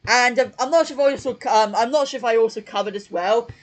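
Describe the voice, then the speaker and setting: Streaming from home on a desk microphone, this man rambles through casual commentary as the channel host, correcting himself and leaning on fillers. He has a very high voice and a quick pace, captured in poor audio.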